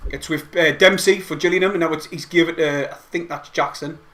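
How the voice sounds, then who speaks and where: A man giving excitable, rambling play-by-play of a match from home, as host of a fan watch-along. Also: on the high side, a little fast. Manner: excitable, rambling fan commentary with mild swearing. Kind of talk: casual live play-by-play commentary. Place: at home, not at the stadium.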